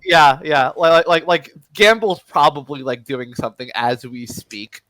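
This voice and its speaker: A man's voice: on the high side, animated, moderate pace, sharp tone, no echo, poor audio. A man running a tabletop role-playing game as game master, describing things hesitantly and laughing often. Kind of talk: casual tabletop game chat.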